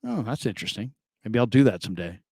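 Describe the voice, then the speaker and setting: A man's voice: on the low side, very animated, fast, vocal fry, a little mellow, no room sound. A man hosting sports talk radio, reading listener comments in a loose, rambling way with plenty of laughs and repeated phrases.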